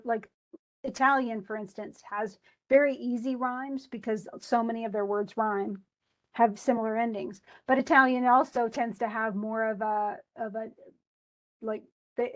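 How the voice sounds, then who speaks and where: A woman teaching a class, talking in a loose, conversational way full of restarts and asides. Her voice sits a little higher than most. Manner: chatty, with many restarts and asides. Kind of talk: recorded class lecture.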